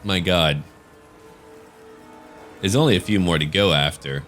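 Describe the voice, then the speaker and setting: A man's voice: sits low, measured pace, a bit bright, faint music behind. A man casually commenting on a strategy game battle, chatty and joking. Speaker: gaming channel host.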